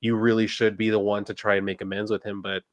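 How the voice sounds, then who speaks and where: A man's voice: fairly low pitch, flat delivery, fast talker. Heated, ranting man on a podcast. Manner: heated, ranting, swears freely. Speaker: podcast co-host. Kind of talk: casual pop culture chat.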